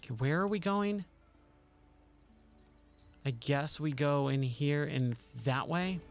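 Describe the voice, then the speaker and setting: A man's voice: fairly high pitch, slow, faint music behind. A man streaming a driving game live, talking through his moves with a self-mocking, exasperated commentary and pleading with the game.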